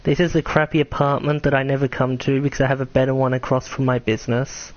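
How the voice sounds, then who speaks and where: A man's voice: medium pitch, flat delivery, quick pace. A young man talks his way through a game stream in a loose, rambling way, tossing in swears and jokes at his own expense. His voice is tired and cracks now and then. The recording is somewhat dull and lo-fi, as from a basic streaming mic. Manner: rambling, self-mocking, swears casually. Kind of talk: casual gameplay commentary.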